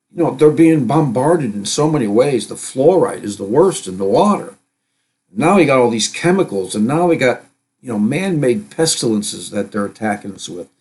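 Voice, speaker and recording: A middle-aged man talking at a medium pitch, hosting a live stream. He reads headlines aloud and drifts into loose commentary, stopping and restarting his sentences with plenty of fillers. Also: a little mellow. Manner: rambling, halting, many fillers and restarts. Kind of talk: casual commentary reading news.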